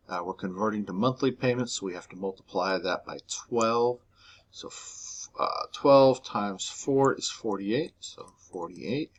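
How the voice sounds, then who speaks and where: A man teaching a recorded math lesson, explaining step by step in a relaxed way. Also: on the low side.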